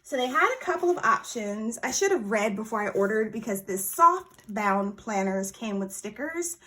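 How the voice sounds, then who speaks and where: A woman vlogger chatting casually through an unboxing, bubbly and excitable, gushing over small surprises. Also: mid-range voice, moderate pace. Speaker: planner vlogger.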